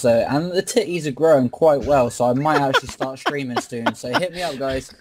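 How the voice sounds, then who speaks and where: A man's voice: medium pitch, brisk, noisy background. A man joking crudely in a casual group chat.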